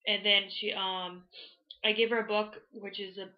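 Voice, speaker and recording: A teenage girl from Florida vlogging, telling a story in an excited, rambling way full of "like" fillers. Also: medium pitch, moderate pace, lo-fi sound. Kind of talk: casual storytelling to camera.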